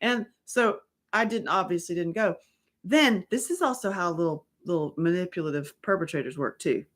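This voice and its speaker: Middle-aged woman, casual storytelling, blunt and profane, laughs a lot, animated delivery. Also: fairly low pitch. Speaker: author and host.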